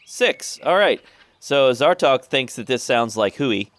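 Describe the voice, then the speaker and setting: A man's voice: medium pitch, lively intonation, a little slow. A man narrating and calling for rolls as a tabletop game master.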